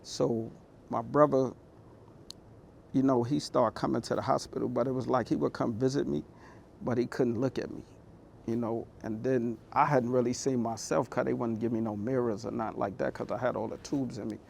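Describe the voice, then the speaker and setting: Gravelly-voiced man telling his story. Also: mid-range voice, fairly even intonation, moderate pace, darkish tone, a little hiss or hum. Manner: candid, conversational, heartfelt. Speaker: motivational speaker. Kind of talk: personal storytelling talk.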